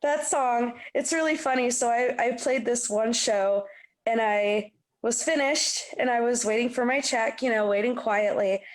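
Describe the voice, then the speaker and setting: A woman's voice: fairly high pitch, fairly even intonation, measured pace. A young adult woman musician, telling stories in a casual interview, chatty and full of "you know" fillers. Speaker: musician guest. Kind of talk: casual interview chat, storytelling.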